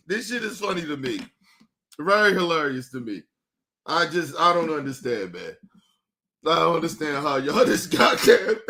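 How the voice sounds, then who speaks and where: A man's voice: sits high, bright, forceful tone. A man streaming reaction commentary, laughing constantly and cursing as he mocks what he watches, crying with laughter. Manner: laughing constantly, profane, mocking; slangy casual speech, addresses viewers as people. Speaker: streamer reacting to news clips.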